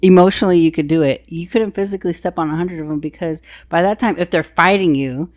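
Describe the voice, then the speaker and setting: A woman's voice: on the low side, quick pace, darkish tone, no room sound, clean studio sound. A young woman co-hosting a podcast, chatting casually and teasing with lots of laughter. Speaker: podcast co-host. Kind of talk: casual chat.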